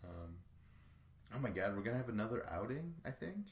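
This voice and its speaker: A man's voice: fairly low pitch, very animated, fairly quick, reverberant. A man hosting a podcast alone, recapping in a casual, rambling way that is full of profanity. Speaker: podcast host. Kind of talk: solo show recap.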